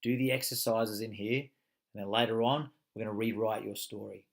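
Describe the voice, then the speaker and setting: A man's voice: lowish voice, fairly even intonation, fairly quick, creaky. A man teaching a motivational coaching course, speaking emphatically, swearing freely and firing rhetorical questions.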